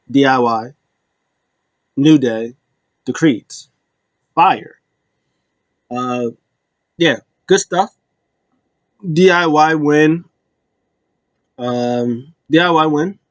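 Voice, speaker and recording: Man, casual wrestling recap, rambling restarts, mid pitch, dry close mic. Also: fairly bright tone, no room sound, muffled recording. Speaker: wrestling show commentator.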